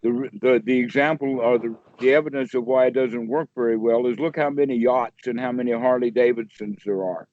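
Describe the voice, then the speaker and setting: A man's voice: mid-range voice, fairly even intonation, fairly quick, hardly any pauses, a little mellow, no room sound. A man, a meditation teacher, explaining in a rambling, folksy way during a casual one-on-one chat over a video call. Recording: dry, dull lo-fi call audio.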